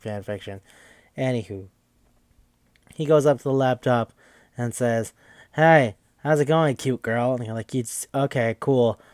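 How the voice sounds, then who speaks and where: A young man casually recapping a video game for a podcast, rambling, swearing freely and tossing in quick mocking quotes of the characters. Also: mid-range voice, dark tone, no echo. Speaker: podcast host.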